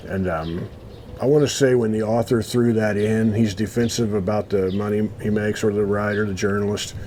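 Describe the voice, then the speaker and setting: A man's voice: on the low side, steady tone, dark tone, a little hiss or hum. A man hosting a casual chat, reading an old magazine article aloud and breaking off to add his own comments. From United States. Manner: reads haltingly, stops to comment. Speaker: host.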